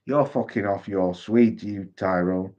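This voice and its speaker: A man hosting a casual boxing chat stream, sweary and quick to laugh while reading out viewer comments. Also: sits low, dark tone, muffled recording. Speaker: boxing livestream host.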